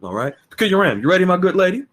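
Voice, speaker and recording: A man's voice: high voice, sing-song, racing, fairly bright tone. A man hosting a podcast in an earnest, repetitive way, often restarting his sentences. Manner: earnest, repeats words and restarts. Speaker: podcast host. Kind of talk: casual podcast talk.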